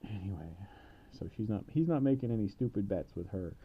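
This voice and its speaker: A man casually retelling a fairy tale in playful slang, punctuating it with shouts of bam. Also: fairly low pitch, expressive, brisk, husky, highs cut off.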